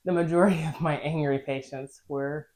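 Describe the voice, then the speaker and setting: A woman's voice: sits low, fairly even intonation, fairly quick, crowd noise. A young woman, a nurse co-hosting a casual podcast, chatting with frequent laughs. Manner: laughs often, acts out quoted lines in a raised voice. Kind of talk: casual chat.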